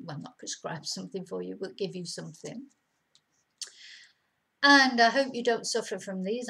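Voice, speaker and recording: A woman's voice: medium pitch, fairly bright tone, poor audio. Chatty middle-aged woman teaching vocabulary. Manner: chatty, repeats words slowly and clearly. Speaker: language teacher. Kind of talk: casual vocabulary lesson. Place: home in Spain.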